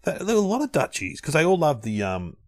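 An Australian man from Melbourne in a casual chat, telling lively anecdotes and laughing often. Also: fairly high pitch, fast talker, no room sound, studio quality.

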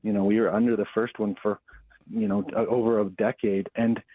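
A man who pastors and grew up in Colorado, telling a story earnestly with quick restarts. He calls in on a thin phone line. The sound is dry and close. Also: fairly low pitch, little pitch movement, slightly rough, dry recording. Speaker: guest pastor. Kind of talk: storytelling interview.

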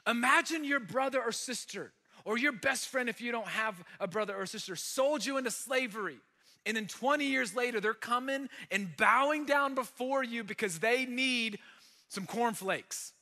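A pastor delivers a sermon in a large church hall, his voice high and strikingly bright, at a moderate pace. He tells the story in an animated, conversational way, leaning hard on the dramatic moments, and a long reverb trails after each phrase.

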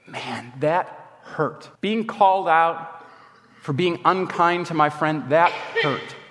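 Male preacher, story-driven conversational sermon, slightly high voice, reverberant recording. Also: a bit bright. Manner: conversational storytelling, acting out quoted friends. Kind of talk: sermon with personal stories. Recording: long reverb.

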